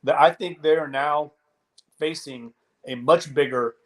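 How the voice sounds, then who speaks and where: A man co-hosting a sports podcast, talking football in a measured, analytical way with frequent restarts. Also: fairly high pitch. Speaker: podcast co-host. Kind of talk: casual sports talk.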